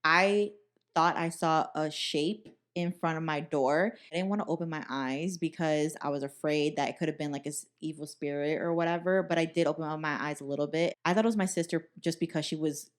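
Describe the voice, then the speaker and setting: A young woman co-hosting a podcast, telling ghost stories in casual chat, animated and swearing freely as she acts out what people said. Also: deep voice, a little fast. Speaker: podcast co-host.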